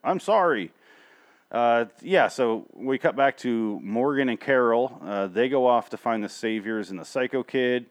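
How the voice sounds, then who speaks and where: A man's voice: mid-range voice, moderate pace, few pauses. A young adult man hosting a show, recapping episodes in a rambling, sarcastic way with frequent swearing. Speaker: show host reviewing TV episodes. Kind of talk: casual profane rambling recap.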